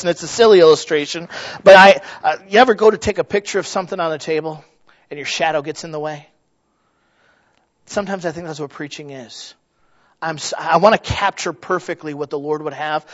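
Pastor, male, middle-aged, high voice, lively sermon with restarts, slightly muffled recording. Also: brisk. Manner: lively storytelling with frequent restarts and asides. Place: church sanctuary.

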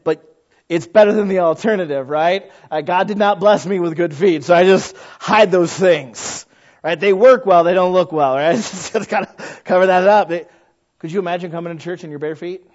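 A male pastor preaching a sermon, animated and folksy, asking rhetorical questions and joking at his own expense. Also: high voice, normal speed, lo-fi sound. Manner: animated, frequent rhetorical questions and self-deprecating humor.

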